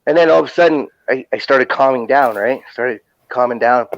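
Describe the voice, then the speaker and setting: A man who is a guest on a podcast, telling a long story in casual chat, rambling and swearing constantly in fast bursts. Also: medium pitch, no echo, dull audio.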